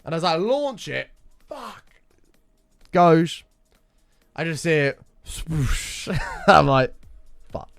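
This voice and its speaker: A man's voice: on the high side, very animated, slow, vocal fry, long pauses, no room sound, faint music behind. A young man streaming, telling a rambling story and chatting casually, swearing freely. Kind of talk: casual livestream chat.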